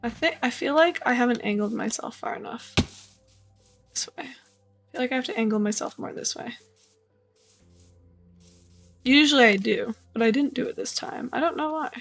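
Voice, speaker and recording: A woman streamer talks her way through a game, murmuring and repeating small phrases in a playful, sleepy way. Her voice sits a little high. Faint music plays behind her. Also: normal speed, creaky, pauses often. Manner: chatty, muttering to herself, playful, repeats phrases. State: yawning, tired. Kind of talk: casual gameplay commentary.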